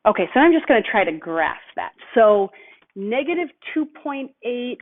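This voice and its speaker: A woman's voice: fairly high pitch, lively intonation, normal speed. A woman teacher walking through a math lesson step by step, patient and thinking aloud. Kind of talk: recorded lesson walkthrough. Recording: tinny phone-like audio.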